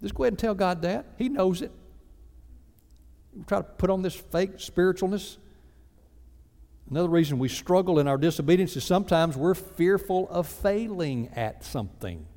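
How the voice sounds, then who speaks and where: A man preaching a sermon as a pastor, lively and acting out mock prayers in other voices. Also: sits high, normal speed. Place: church sanctuary. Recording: reverberant church sanctuary.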